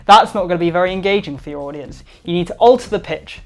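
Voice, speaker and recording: A man giving upbeat instructional tips to camera, emphatic and varying his loudness to stress points. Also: high-pitched, fast, few pauses. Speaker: presentation skills vlogger.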